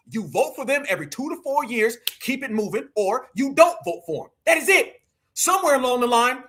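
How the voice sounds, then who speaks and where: A man's voice: extremely high pitch, pushed and bright, husky. A man hosting live political commentary, mocking and emphatic and full of slang.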